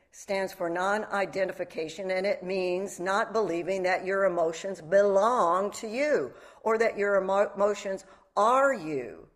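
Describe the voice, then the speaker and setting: A middle-aged woman giving a meditation talk, reflective and candid, mixing teaching with personal stories. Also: medium pitch. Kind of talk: dharma talk.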